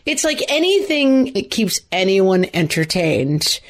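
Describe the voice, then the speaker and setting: Wry, animated woman co-hosting a chat. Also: mid-range voice, a little slow. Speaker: podcast co-host. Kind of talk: casual chat.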